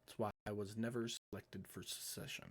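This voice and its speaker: A man voicing a smug, blunt male cat nobleman who speaks low and smooth in a tabletop game. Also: level tone, fairly quick, natural voice. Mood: suave.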